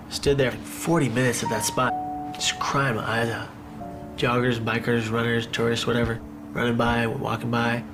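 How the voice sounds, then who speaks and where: A man giving a personal testimony about surviving a suicide attempt, telling it in a halting, emotional way with many restarts. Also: mid-range voice, creaky. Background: background music.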